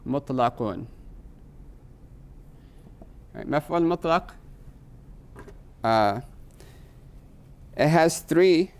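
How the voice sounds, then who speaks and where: A man at mid pitch teaches a grammar class with a relaxed, classroom tone. He often throws questions to his students and tags sentences with "right?". He slows down to sound out each technical term. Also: smooth. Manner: quizzes students with frequent rhetorical "right?"; slows to spell out Arabic terms.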